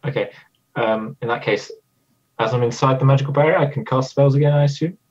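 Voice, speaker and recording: A man's voice: mid-range voice, fairly quick, darkish tone. A man playing in a tabletop game, carefully thinking aloud about tactics. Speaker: player. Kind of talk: tabletop role-play chat. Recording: dull lo-fi husky audio.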